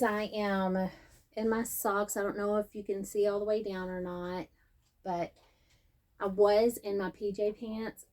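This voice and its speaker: Slow-talking chatty woman. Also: mid-range voice, a little mellow. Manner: chatty, rambling, self-deprecating. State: out of breath. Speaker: host. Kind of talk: casual vlog chat. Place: seated at home.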